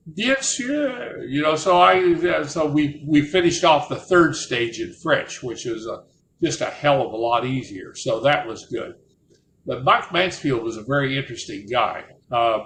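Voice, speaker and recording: Spinning anecdotes from his war days, an older man who retired as a Marine officer keeps interrupting himself and restarting. He has a mid-range, fairly bright voice, recorded in a roomy space with faint ambience and slight background noise.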